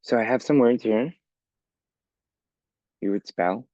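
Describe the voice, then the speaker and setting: A man's voice: medium pitch, slow pace, mellow, dry recording, highs cut off. A man teaching an English lesson for learners, explaining patiently step by step and often checking with "okay?". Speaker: ESL teacher.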